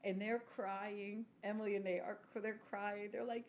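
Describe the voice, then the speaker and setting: A woman, telling a story in casual podcast chat, self-mocking and clearing her throat now and then. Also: mid-range voice, flat delivery, normal speed. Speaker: podcast co-host.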